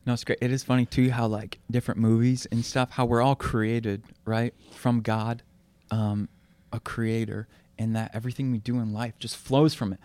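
Earnest young man, smooth dry voice. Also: mid-range voice, normal speed, few pauses, no echo. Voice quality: relaxed, filler-heavy, earnest. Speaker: guest. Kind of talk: casual faith chat with storytelling.

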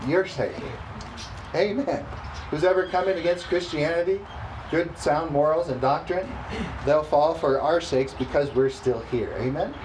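Male preacher, slightly high voice, slow emphatic scripture reading with call-and-response, faint noise underneath. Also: darkish tone, poor audio. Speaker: pastor. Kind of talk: sermon.

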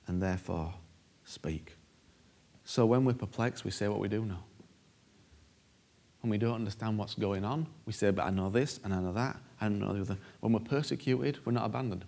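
Gravelly-voiced male preacher. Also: on the low side, a little fast, a little mellow. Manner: emphatic, repeats key phrases and acts out prayers. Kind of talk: sermon.

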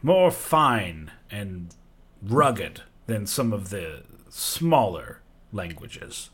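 A man's voice: on the low side, very animated, drawn-out words, fairly bright tone, slightly rough, heavily acted. A man voicing a huge, proud male fire giant king who speaks grandly and theatrically. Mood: grand, amused.

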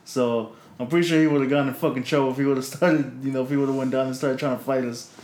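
A man's voice: mid-range voice, quick pace, a little hiss or hum. Casual profane man telling stories. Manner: relaxed, profane, laughs while telling stories. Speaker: podcast co-host. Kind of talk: casual podcast chat, storytelling. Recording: roomy echo.

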